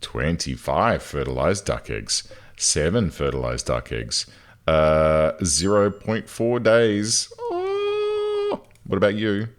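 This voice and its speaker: A man giving casual commentary as he plays a game, chatting along and breaking into loud, exasperated outbursts. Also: very deep voice, lively intonation, slow pace. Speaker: gaming channel host.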